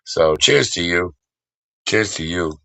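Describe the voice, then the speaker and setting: A man streaming live, rambling and swearing casually while he shouts out viewers by name. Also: low-pitched, expressive, takes it slowly, vocal fry, low-quality recording.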